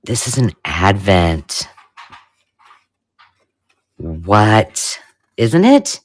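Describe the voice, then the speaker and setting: A woman hosting a live craft unboxing, chatting casually and gushing over old paper finds, sometimes dropping to a hushed whisper. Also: a bass voice, sing-song, drawn-out words. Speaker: craft channel host.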